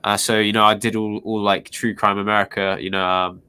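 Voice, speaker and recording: A man's voice: on the low side, little pitch movement, brisk, pushed and bright, clean tone. Chatty British man, easy laugh. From United Kingdom. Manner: chatty, opinionated, laughs easily. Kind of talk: casual chat.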